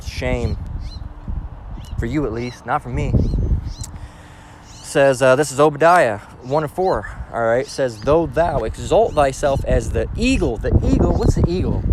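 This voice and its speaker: A man's voice: mid-range voice, background noise. A man giving an informal scripture lesson, emphatic and blunt, often checking in with "all right?" and swearing freely. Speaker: religious teacher.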